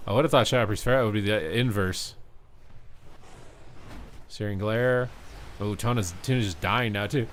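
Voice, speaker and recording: A man's voice: on the low side, a little hiss or hum. A tired man streaming live, calling game action play-by-play and chatting with viewers. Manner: quick play-by-play, rising excitement on big plays. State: tired, yawning. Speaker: streamer and esports commentator. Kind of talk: live game commentary and chat.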